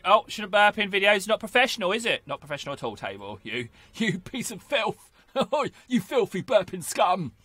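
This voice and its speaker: A high, lively, playful man commentating a game. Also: no echo. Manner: playful, jokey, talks to himself. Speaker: gaming video host. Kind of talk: casual gameplay commentary.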